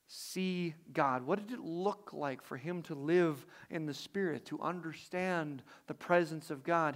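A man's voice: sits high, a bit bright. A man preaching a sermon, reflective, asking his listeners rhetorical questions.

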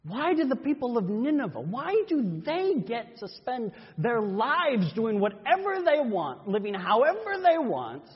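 A male pastor delivering a first-person dramatic sermon, telling the story in an expressive, animated way. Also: very high voice, a little slow, few pauses, slightly rough. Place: church sanctuary. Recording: dull reverberant church recording.

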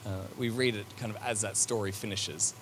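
A man's voice: lowish voice, fairly even intonation, brisk, a bit bright. Guy giving a sermon, chatty and reflective, lots of ums and restarts, faint noise in the background. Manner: conversational, with many fillers and restarts; reflective and searching. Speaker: preacher.

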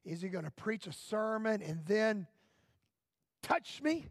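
A high-voiced man playing a blind man in a sermon story, incredulous, complaining, comic exasperation, dry close sound. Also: very animated, slow pace, no echo, heavily acted. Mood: eager. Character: eager blind man awaiting healing, adult male.

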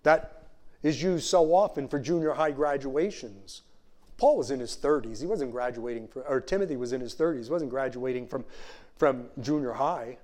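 Warm-voiced man preaching a conversational sermon. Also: medium pitch. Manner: conversational, with frequent "you know" asides; slows down to stress scripture phrases. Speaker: pastor.

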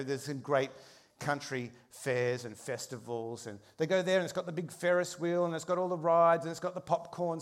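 A pastor with a notably high voice for a man. He preaches in a lively storytelling manner, speeding up and slowing down as he goes. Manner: animated storyteller, shifting pace and loudness. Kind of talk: sermon with a humorous story.

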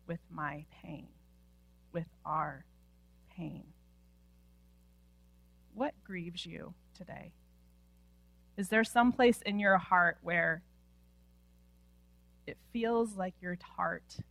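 A woman pastor preaching a sermon with impassioned delivery, often dropping to a hushed near-whisper at the ends of phrases. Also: on the low side, creaky. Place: church sanctuary.

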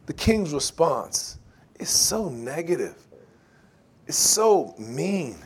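Lively high-voiced preacher man. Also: slow, husky. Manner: animated, laughing, acts out quoted voices. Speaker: pastor. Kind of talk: sermon.

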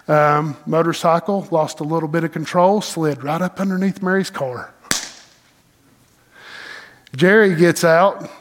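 A middle-aged pastor, preaching a sermon in an animated, folksy storytelling way with dramatic pauses. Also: male voice, a little high.

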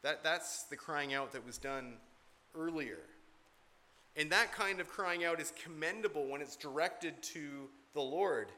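Man, pastor, sermon, earnest, emphatic, slightly high voice, bright tone. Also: a little slow. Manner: earnest, emphatic, repeats key points. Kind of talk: expository sermon.

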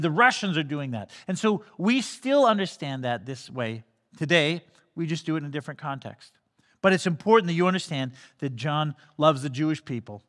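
A man's voice: a little high, a bit bright, long reverb tail. A man preaching a sermon in a conversational way, often restarting phrases and briefly acting out the people he quotes. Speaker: pastor.

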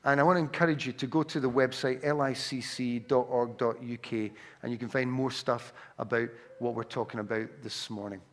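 A man's voice: mid-range voice, steady tone, brisk, few pauses, a little hiss or hum. A man preaching a sermon to a congregation, reading scripture aloud with rising emphasis.

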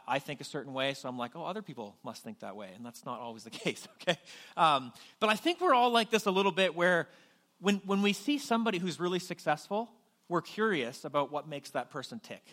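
A man's voice: on the high side, a bit bright. A young adult man from New Brunswick, Canada, preaching as pastor in a conversational, self-deprecating way with frequent restarts. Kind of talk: sermon.

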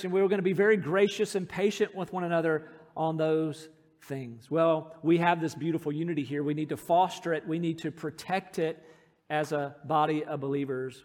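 A man's voice: a little high, big-room sound. A middle-aged man preaching a sermon as pastor, telling stories in an earnest, self-deprecating way. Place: church sanctuary.

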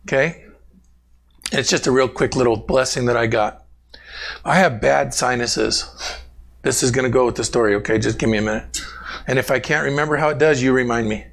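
A pastor with a medium-pitched, creaky voice preaches a conversational sermon. He is animated, shares personal stories, and speaks directly to congregation members, calling on them by name.

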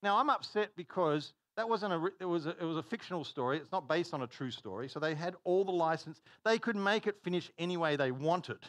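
A fairly high, bright male voice comes across animated and a little fast, with few pauses, in a dry recording. He's preaching a conversational, story-driven sermon, breaking off mid-sentence and voicing the dialogue himself.

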